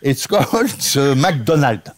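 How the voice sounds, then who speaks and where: A man's voice: medium pitch, very animated, slow, slight background noise. A man with a French accent telling a comic anecdote in broken English, laughing through his own punchlines as a guest impressionist.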